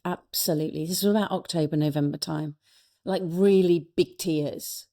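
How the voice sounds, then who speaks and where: A middle-aged woman guest on a podcast, telling a personal story with earnest warmth and frequent restarts. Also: deep voice, steady tone, moderate pace. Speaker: guest, speaker and coach. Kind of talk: reflective storytelling in a podcast interview.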